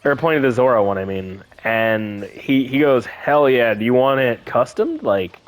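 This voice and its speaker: A man's voice: medium pitch, normal speed. A young man chatting casually as a gaming co-host, telling an anecdote and acting out the quoted voices. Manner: animated storyteller, acting out quotes. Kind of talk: casual chat.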